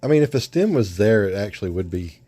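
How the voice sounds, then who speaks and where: A man casually reviewing an action figure, rambling in a relaxed way with frequent restarts. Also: on the low side, fast talker, breathy edge, dry recording. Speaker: toy reviewer.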